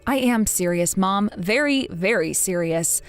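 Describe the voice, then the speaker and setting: A woman speaking firmly and coldly as a daughter cutting off her family in an animated story. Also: mid-range voice, unhurried, smooth, soft background music. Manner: firm and cold. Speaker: narrating daughter.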